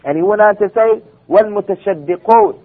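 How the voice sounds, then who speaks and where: A man preaches an Islamic lecture in a high-pitched voice at a very fast clip, speaking emphatically, firing off rhetorical questions and quoting Arabic texts. The audio is lo-fi and sounds like a phone recording.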